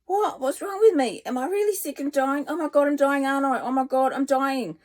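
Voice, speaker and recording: A woman voicing a young female banshee who is losing her voice, croaky and panicky. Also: mid-range voice, brisk, a little mellow, natural voice. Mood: panicked. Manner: panicky and wailing.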